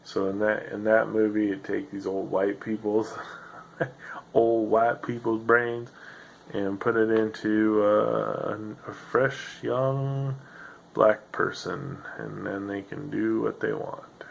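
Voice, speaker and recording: Low gravelly-voiced man rambling sardonically. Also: flat delivery, slow, slight background noise, poor audio. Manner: rambling, sardonic, self-deprecating, trailing off with fillers. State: tired, yawning. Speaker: podcast host. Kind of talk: solo rambling podcast monologue.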